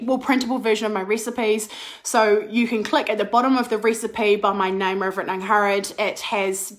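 A bubbly, excitable woman, a business coach chatting on a live stream with a slight cold. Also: mid-range voice. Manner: bubbly and excitable, laughs and restarts often. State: slight cold, clearing throat. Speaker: business and mindset coach, podcast host.

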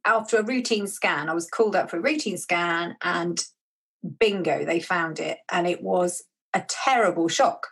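Chatty husky woman. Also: on the low side, moderate pace. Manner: animated, chatty, acts out quoted dialogue. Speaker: author guest. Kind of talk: conversational storytelling.

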